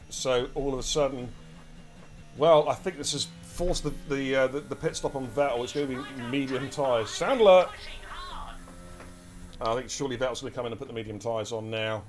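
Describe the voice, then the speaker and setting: A man with an English accent giving lively, chatty live commentary on an esports race and talking to his chat as he goes. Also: mid-range voice. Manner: energetic, chatty, addresses chat directly.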